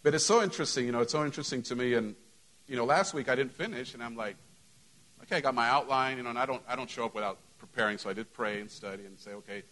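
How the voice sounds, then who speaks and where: A middle-aged man, a pastor, speaks very fast in a mid-range, slightly bright voice, and the audio is poor. In the church sanctuary he delivers announcements and a sermon opening to his congregation, casually and full of "you know" fillers.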